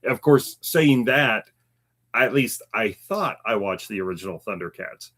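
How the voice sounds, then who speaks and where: A man co-hosting a live stream in casual chat, chatty and animated, laughing often and reading viewer comments aloud. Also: on the low side, a little slow.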